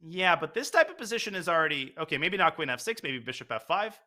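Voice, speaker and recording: A man commentating live chess, excitedly calling out moves and lines in quick bursts. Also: a little high. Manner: excitable, calls moves rapid-fire.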